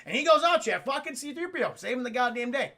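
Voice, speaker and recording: A man retells a film for his live chat in a loose, animated way, joking and cursing freely. His voice sits high and very bright with a gravelly fry. He sounds like a casual streamer talking off the cuff. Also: quick pace. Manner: animated, profane, jokey.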